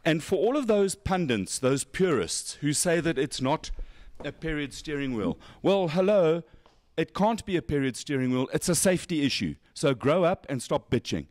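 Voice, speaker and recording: A man's voice: fairly high pitch, big pitch swings, normal speed, hardly any pauses, dry recording. Gushing man showing a car. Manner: enthusiastic, joking, gushing over details. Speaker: motorsport show host. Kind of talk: casual walkaround chat.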